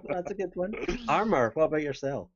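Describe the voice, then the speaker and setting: A man's voice: a little high, animated, fairly quick, slightly rough. A man hosting a podcast, casually teasing his co-hosts and laughing often. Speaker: podcast host. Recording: dull lo-fi sound.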